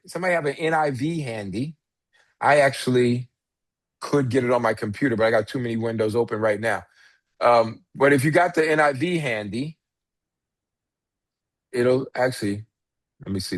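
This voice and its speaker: A man's voice: medium pitch, no room sound. A pastor giving an informal Bible class lecture, talking conversationally and restarting phrases as he explains. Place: church classroom.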